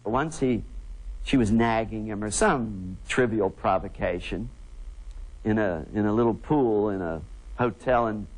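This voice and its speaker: A man gives documentary commentary, telling events slowly and deliberately. His voice sits a bit low. He leans hard on key words for emphasis. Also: a little mellow, rough recording. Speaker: biographer commentator.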